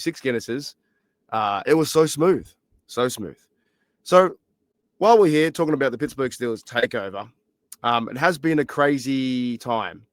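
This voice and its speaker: Hoarse Australian man, rambling podcast chat. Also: medium pitch, no echo. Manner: rambling, excitable, many fillers. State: hoarse, lost voice. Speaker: podcast host. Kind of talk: casual solo podcast chat. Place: library.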